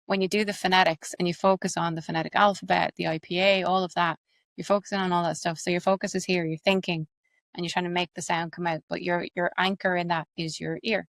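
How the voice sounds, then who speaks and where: A woman with an Irish accent, an accent coach and actress, explaining her methods quickly and animatedly in an interview. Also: on the low side, gravelly, no echo. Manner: fast, animated, explains with examples.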